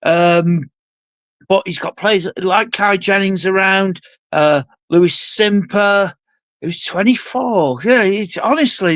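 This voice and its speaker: A man with a notably high voice chats about football on a podcast, exuberant and jokey with theatrical asides. His voice is recorded dry and close, with no room sound. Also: slow, fairly bright tone, dry recording. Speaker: podcast co-host. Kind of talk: casual football podcast chat.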